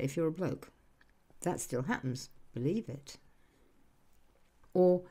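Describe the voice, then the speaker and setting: A woman's voice: medium pitch, dark tone. A woman giving a reflective self-help talk. She speaks straight to the listener and acts out the remarks of other people. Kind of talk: reflective motivational monologue.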